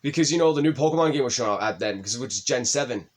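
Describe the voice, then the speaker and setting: A man's voice: mid-range voice, racing. Young man telling a story, swearing. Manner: emotional, swears often, voice rises when excited. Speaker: podcast co-host. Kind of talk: casual storytelling chat.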